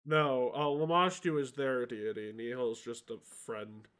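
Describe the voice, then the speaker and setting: A man's voice: medium pitch, a little slow, fairly bright tone, clear, resonant tone. A man narrating as game master of a tabletop game, casual and often restarting his sentences.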